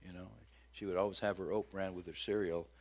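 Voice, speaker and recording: A middle-aged man preaching a sermon as pastor, folksy and joking, with big loud swings when he acts out cries. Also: sits low, little pitch movement, fairly quick.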